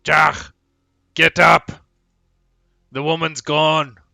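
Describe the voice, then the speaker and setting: A man's voice: lowish voice, takes it slowly, creaky, pushed and bright, no room sound, studio quality, exaggerated voice. A man voicing a brutish orc bandit who talks in a bullying drawl. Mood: shouting.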